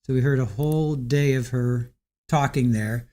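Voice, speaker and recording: A man hosting a casual livestream about a trial, chatty and giggly, reading aloud haltingly. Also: mid-range voice, dark tone, faint music behind. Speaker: trial commentary host.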